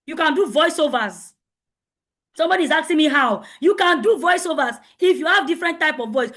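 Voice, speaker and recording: A woman coach giving a motivational lecture to teenagers, loud and emphatic, often repeating her points for stress. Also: high-pitched. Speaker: coach speaking at a teen conference.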